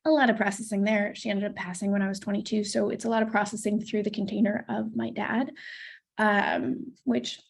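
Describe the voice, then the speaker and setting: A woman's voice: mid-range voice, flat delivery, a little fast, vocal fry, a little hiss or hum. A woman in her thirties teaching a course module on attachment, talking candidly and swearing casually. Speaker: coach.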